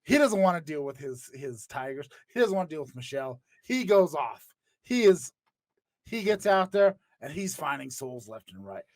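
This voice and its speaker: A man's voice: a little high, animated, normal speed, no room sound. A man hosting a podcast, telling a story in a profane, joking way. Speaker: podcast host. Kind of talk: casual chat.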